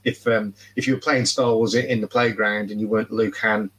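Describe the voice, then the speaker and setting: A man's voice: lowish voice, fairly even intonation, fairly quick, fairly bright tone, slightly rough, poor audio. A man in casual podcast chat, rambling and repeating words as he talks. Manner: rambling, repeats words, laughs at his own jokes. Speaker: podcast guest.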